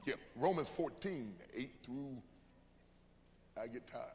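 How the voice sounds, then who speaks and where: A man preaching a sermon to his church, joking with the congregation and rising into shouts. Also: medium pitch, animated, takes it slowly. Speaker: pastor. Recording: echoey church hall with loud room noise.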